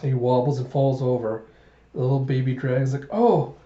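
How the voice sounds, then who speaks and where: A man reading a manga aloud with commentary, retelling the scenes in an animated way. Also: mid-range voice, a little fast. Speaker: manga reviewer. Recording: dull echoey home recording.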